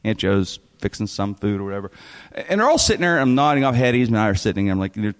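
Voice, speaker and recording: Animated man telling a funny story. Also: lowish voice, quick pace, in a large hall. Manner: animated, laughing often, lots of restarts. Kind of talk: comic storytelling.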